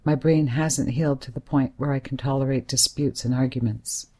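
A woman's voice: very deep voice, steady tone, normal speed, warm tone, breathy edge. A woman reading a first-person story aloud in a plain, inward, present-tense manner. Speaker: narrator. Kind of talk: first-person audiobook narration.

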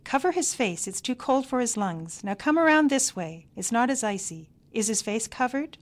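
Bossy elderly grandmother barking worried orders, high and loud, as a woman reads her. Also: lively intonation, normal speed, close to an everyday voice. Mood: fussing commands. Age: older. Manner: shouted commands, fretful.

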